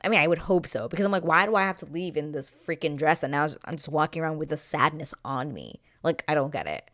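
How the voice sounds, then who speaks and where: Female host, low register, very expressive melody; casual recap chatter. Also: quick pace. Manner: chatty, animated retelling with quoted voices. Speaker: reaction channel host.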